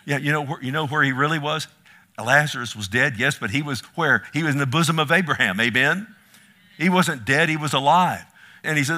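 Gravelly man preaching an impassioned sermon. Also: fairly high pitch, brisk. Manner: impassioned, swinging from hushed to loud. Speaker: pastor.

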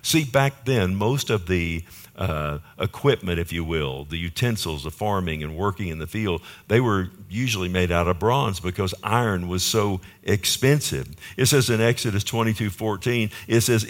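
A man's voice: sits low, normal speed, few pauses. A male pastor preaching a conversational sermon to his church, asking the congregation rhetorical questions.

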